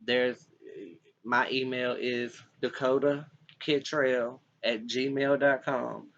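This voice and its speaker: A man's voice: mid-range voice, vocal fry, sharp tone, a little hiss or hum. A young man from North Carolina, pleading directly to the camera in a rambling way, often restarting his sentences. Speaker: vlogger. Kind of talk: direct-to-camera personal appeal. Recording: dull lo-fi recording.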